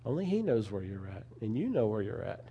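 A man's voice: lowish voice, big pitch swings, fairly quick, mellow, breathy edge. A man preaching a sermon in an earnest, conversational way, often adding asides to his listeners.

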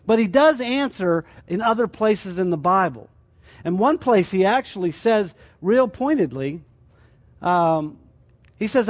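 A man's voice: high voice, animated, a little slow. A man teaching a sermon as a church teacher, explaining his points through rhetorical questions.

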